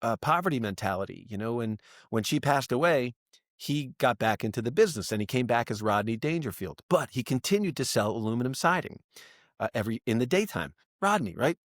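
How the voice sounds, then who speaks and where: A middle-aged male comedian telling animated stories as a podcast guest, acting out quotes. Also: medium pitch, brisk, dry recording, clean studio sound. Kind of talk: casual storytelling.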